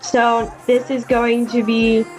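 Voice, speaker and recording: Hesitant young woman vlogger, high voice. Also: monotone, slow, faint music behind. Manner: hesitant, many fillers and restarts. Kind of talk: casual reading of fan fiction.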